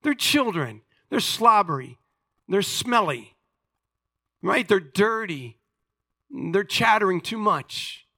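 A man's voice: high-pitched, sing-song, slow, pauses often, pushed and bright, no echo, studio quality. A man preaching a sermon as pastor, talking emphatically and calling on the congregation for amens.

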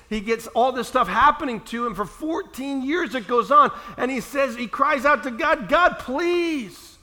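A man preaching a sermon, walking through scripture and reading passages aloud with slow emphasis. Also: high voice, sharp tone. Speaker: pastor.

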